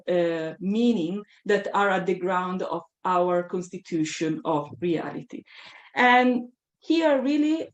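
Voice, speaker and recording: A woman's voice: medium pitch, a little mellow. Woman lecturing in an echoey room. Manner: thoughtful, deliberate, emphatic on key ideas. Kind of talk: academic lecture. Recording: roomy echo.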